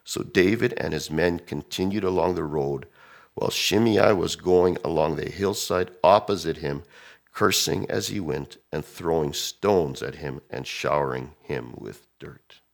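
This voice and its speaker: A man preaching a sermon, animated, swinging from loud emphasis to hushed tones as he acts out quotes. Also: extremely low pitch, measured pace, creaky. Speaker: pastor.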